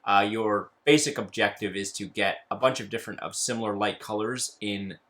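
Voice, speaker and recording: A man co-hosting a casual board game chat, explaining rules in a relaxed way with fillers. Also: on the low side, normal speed. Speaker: co-host.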